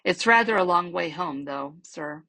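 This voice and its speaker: A woman's voice: lowish voice, lively intonation, moderate pace, bright, forceful tone, no room sound, heavily acted. Polite, eager teenage boy, read by a woman. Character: polite, proud red-haired teenage boy.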